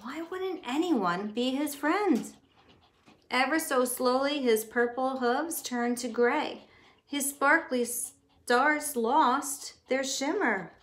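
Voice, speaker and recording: A woman teacher reading a picture book aloud in a gentle, expressive way, talking to her listeners as she goes. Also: sits high, slow. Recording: echoey room with faint noise.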